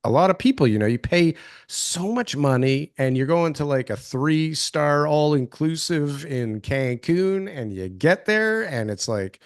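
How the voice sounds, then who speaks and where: A man's voice: fairly high pitch, animated, a little slow, no room sound, studio quality. A man co-hosting a podcast in casual, rambling chat, swearing freely and restarting his sentences. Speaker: podcast co-host.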